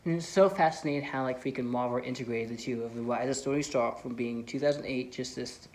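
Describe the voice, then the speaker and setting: A man's voice: medium pitch, fast, darkish tone. Rambling, enthusiastic young-sounding film vlogger man. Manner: rambling, lots of "like" and "you know"; enthusiastic fan. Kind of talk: casual movie commentary.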